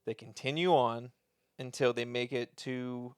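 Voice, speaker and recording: Animated, profane man retelling a movie. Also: mid-range voice, unhurried, smooth, no echo, studio quality. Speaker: podcast co-host. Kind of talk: casual chat.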